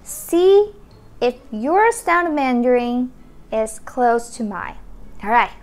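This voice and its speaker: A woman, the founder and teacher of a Mandarin school, giving a beginner lesson and sounding out each syllable slowly and repeatedly. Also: a little high, very animated. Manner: slow, drawn-out model pronunciations with repeated syllables.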